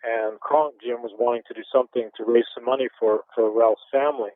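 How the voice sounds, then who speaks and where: The interview guest is a Canadian ex-boxer in his fifties with a mid-range voice, speaking briskly. Heard over a tinny phone line with no room sound, he spins stories in an animated way, chuckling now and then.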